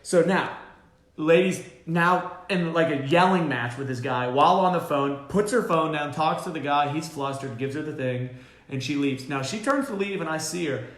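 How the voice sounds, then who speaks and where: Animated man telling stories. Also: on the high side, moderate pace. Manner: animated storyteller, many fillers and restarts. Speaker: dog trainer and show host. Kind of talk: casual live Q&A chat. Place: boarding kennel room. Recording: roomy kennel room.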